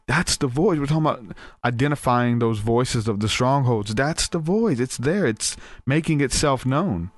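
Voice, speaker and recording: A man hosting a podcast, telling a story in a loose, animated way and acting out what people said, with frequent restarts. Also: medium pitch, dry recording. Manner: animated, acts out quoted voices, frequent restarts. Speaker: podcast host.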